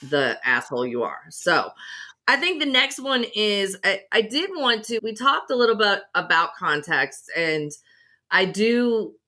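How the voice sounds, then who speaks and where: Co-hosting a casual podcast chat, this woman tells animated stories and makes her points emphatically. Her mid-range voice has a sharp tone, comes across as very animated, and runs a little slow.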